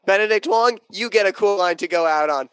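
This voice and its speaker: A man's voice: high-pitched, fairly quick, fairly bright tone, clear, resonant tone, no echo, poor audio. A man co-hosting a casual podcast, talking about films in a wry, joking way. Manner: wry, joking film talk. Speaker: podcast co-host. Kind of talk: casual chat.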